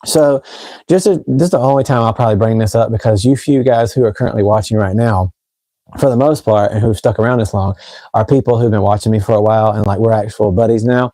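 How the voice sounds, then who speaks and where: A man's voice: on the low side, quick pace, warm tone, no echo. A man from Tennessee with a Southern US accent, hosting a fragrance live stream and rambling chattily straight to his viewers from a room at home. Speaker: fragrance channel host. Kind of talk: casual live stream chat.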